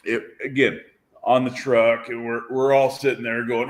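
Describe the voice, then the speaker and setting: A man's voice: medium pitch, level tone, normal speed, noisy background. Self-mocking man telling a race-car story. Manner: self-deprecating, laughing, swears freely. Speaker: drag racer and car owner, guest. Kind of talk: casual storytelling.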